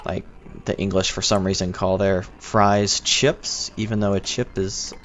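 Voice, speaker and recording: Speaking at a measured pace in a deep, slightly bright voice with little pitch movement, a young American gamer chats on his livestream. He rambles and responds to his chat over dull, lo-fi audio with a bit of faint noise.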